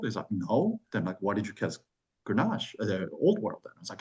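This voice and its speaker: A man hosting a wine club chat, casually telling a long story, swearing and acting out other people's lines in quick bursts. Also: low-quality recording. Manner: animated, swears, acts out quoted voices with big pitch jumps.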